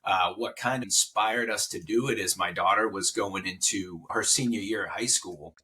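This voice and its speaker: A man's voice: lowish voice, moderate pace, pushed and bright, slightly rough. Emotional man telling his story. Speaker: podcast guest. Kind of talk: casual interview chat.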